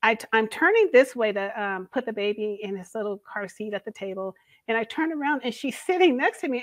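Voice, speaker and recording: A middle-aged woman, a podcast guest, telling a story in a lively, laughing way. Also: on the high side, fairly quick, no echo. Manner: animated, laughing storyteller who acts out the voices of others. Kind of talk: casual storytelling in an interview.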